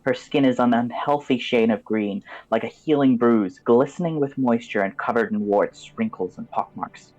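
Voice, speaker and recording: A man's voice: mid-range voice, normal speed, few pauses, darkish tone, dull audio. A man as game master, giving vivid descriptive narration of a tabletop game and turning loose with fillers when he improvises.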